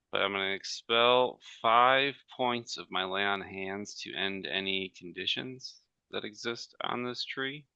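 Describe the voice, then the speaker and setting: Deep, gravelly man, bright edge. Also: dry recording, dull audio. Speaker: tabletop game player. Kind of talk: casual play description.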